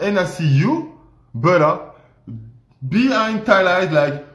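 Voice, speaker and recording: A man's voice: high voice, lively intonation, slow pace, pauses often, fairly bright tone. A man on a livestream speaking emphatic, repetitive, non-native English. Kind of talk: livestream rant. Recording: roomy echo.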